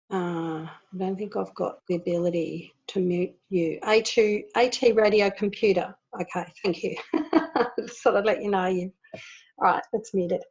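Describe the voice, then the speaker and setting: A woman leading an online group in an informal spiritual talk, earnest and animated, laughing often as she explains. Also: medium pitch, husky, dull audio. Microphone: video call.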